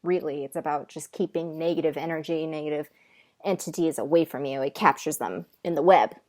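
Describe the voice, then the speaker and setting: A woman's voice: deep voice, brisk, darkish tone. Earnest woman talking on a video call. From United States. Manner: earnest and heartfelt, often restarting sentences. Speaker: co-host and spirit medium. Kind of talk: casual chat over a video call.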